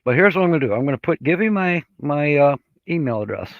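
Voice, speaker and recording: With a slightly high voice, lively intonation and vocal fry, a man hosts a casual live stream and reads out viewer comments. He rambles in a slow, easygoing way with many fillers, and the recording sounds dull, lo-fi and dry.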